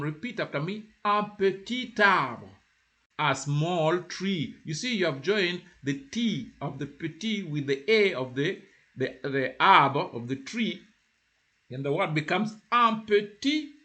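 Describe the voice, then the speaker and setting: A man teaching beginner French, explaining in a halting way with many repeats, and slowing down to model phrases for the listener to repeat. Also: on the high side, fairly bright tone. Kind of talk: informal spoken lesson.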